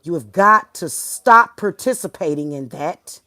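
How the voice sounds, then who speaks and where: A woman, hosting her spiritual channel. She rants to viewers bluntly and profanely, swinging from soft talk to loud outbursts. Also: lowish voice, lively intonation, measured pace, no echo. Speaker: spiritual reader, channel host. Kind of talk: heated monologue to viewers.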